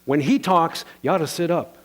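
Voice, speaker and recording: A man preaching a sermon as pastor, playful and animated, calling on the congregation to answer back. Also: fairly high pitch, moderate pace.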